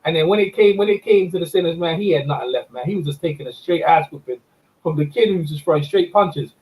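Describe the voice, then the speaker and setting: A man hosting a casual chat, telling animated stories, laughing often and repeating words. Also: on the high side, fast talker, poor audio. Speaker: host and amateur boxing judge.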